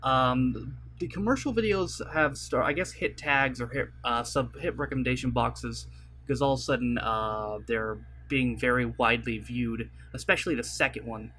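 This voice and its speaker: A man's voice: medium pitch, normal speed, bright, forceful tone, breathy edge. Rambling young man talking to his webcam. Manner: rambling, filler-heavy, apologetic. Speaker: YouTuber. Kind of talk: casual vlog talk to camera. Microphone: desk mic at webcam setup.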